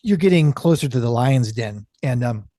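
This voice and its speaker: A man's voice: medium pitch, expressive, moderate pace, warm tone, dry recording, studio quality. A man speaking as a podcast guest in casual conversation, earnest and emphatic, stacking up phrases.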